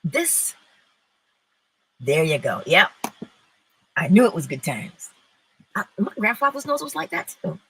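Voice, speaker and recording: A woman's voice: on the low side, very animated, measured pace, creaky, pauses often, a bit bright, a little hiss or hum, low-quality recording. A woman hosting a live-streamed morning inspiration talk. She mixes emphatic preaching with casual chat, answers viewers' comments and laughs often.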